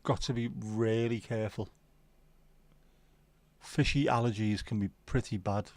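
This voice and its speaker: Reading viewers' comments out by name, a man hosts a livestream with casual, cheeky banter. He speaks unhurriedly in a lowish, steady voice with a darkish tone. There's no room sound.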